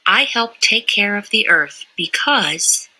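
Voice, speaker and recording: A woman reading a children's picture book aloud in a gentle read-aloud manner. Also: medium pitch, expressive, takes it slowly, poor audio.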